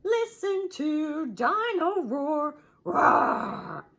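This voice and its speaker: A toy dinosaur from a storybook chants its own name in a loud, slow, drawn-out sing-song, as a woman puts it on. The voice stretches every word and swoops widely in pitch. It sounds gruff and toy-like. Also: very animated, exaggerated voice. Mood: chanting.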